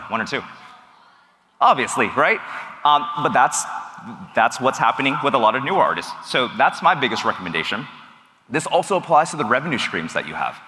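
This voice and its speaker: A man giving an energetic seminar talk to a live audience as a business coach, often asking the crowd questions. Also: medium pitch, slight background noise. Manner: animated, asks the crowd questions. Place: event hall with a live audience. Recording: long hall reverb.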